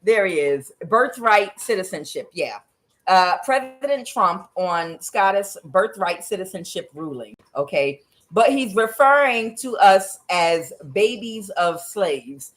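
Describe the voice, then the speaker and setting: A woman's voice: medium pitch, lively intonation, slow pace. A woman hosting a tarot channel, talking in a blunt, profane, casual monologue full of fillers and laughs.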